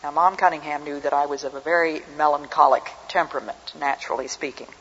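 A woman's voice: sits low, steady tone, fast, a bit bright, breathy edge. An older woman giving an earnest, reflective personal testimony as a speaker. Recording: dull recording with long hall reverb.

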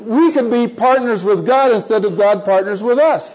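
A man's voice: extremely high pitch, expressive, moderate pace, noisy background. An older man preaching, telling a personal testimony as a rambling storyteller with many restarts and chuckles. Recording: dull lo-fi recording.

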